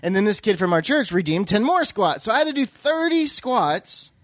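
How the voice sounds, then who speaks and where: Animated, higher-voiced male podcast co-host. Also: normal speed, dry recording. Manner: animated, self-mocking storyteller who laughs often. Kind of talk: casual podcast chat.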